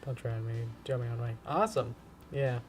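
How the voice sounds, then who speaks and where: A man streaming as he animates, chatting casually with viewers in a rambling, hesitant way, humming softly between comments. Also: mid-range voice, normal speed, slight background noise. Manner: rambling, hesitant, many fillers and soft humming. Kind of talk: casual live-stream chat.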